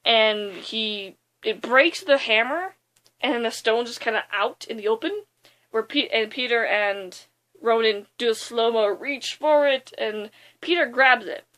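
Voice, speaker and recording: A young woman casually retelling a movie's plot in a rambling, excitable way, with lots of fillers. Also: on the high side, a little slow. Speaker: movie reviewer.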